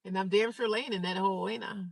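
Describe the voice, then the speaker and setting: A woman's voice: mid-range voice, fast, vocal fry, no echo, distant mic, poor audio. A woman chatting casually on a livestream, telling her stories bluntly and animatedly and repeating herself for emphasis. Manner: blunt, repetitive, animated storytelling. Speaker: livestreamer sharing her daily life.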